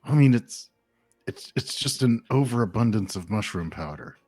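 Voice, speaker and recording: A man's voice: fairly low pitch, expressive, moderate pace, dark tone, soft background music. A man narrating a tabletop game as game master, hesitant and full of fillers.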